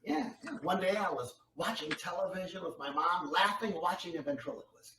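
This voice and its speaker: Upbeat ventriloquist man, high, echoey and distant. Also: brisk, sharp tone. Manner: upbeat storyteller, encouraging. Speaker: guest ventriloquist. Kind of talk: comedy ventriloquism act. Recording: echoey room, distant mic, faint noise.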